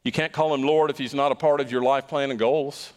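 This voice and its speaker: A man's voice: mid-range voice, fairly even intonation, fairly quick, in a large hall. A man preaching a sermon as pastor, emphatic and stressing points by repeating words.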